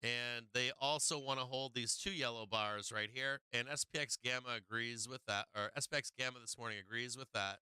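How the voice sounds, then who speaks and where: A man's voice: mid-range voice, a little fast, hardly any pauses, clean tone, no room sound. A middle-aged man hosting a live stock market stream, chatting casually with viewers and swearing freely. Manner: excitable, swears freely, talks to chat. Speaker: stock market livestream host. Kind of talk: casual live trading commentary.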